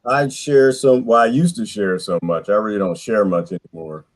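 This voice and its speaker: A man's voice: lowish voice, normal speed, poor audio. A man hosting a casual online group chat, playful and jokey. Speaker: host.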